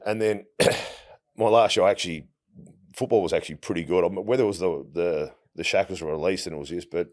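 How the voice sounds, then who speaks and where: A man in his forties with an Australian accent, relaxed and anecdotal as an interview guest, often restarting his sentences. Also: low-pitched, brisk. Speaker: guest, retired footballer. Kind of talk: casual interview storytelling.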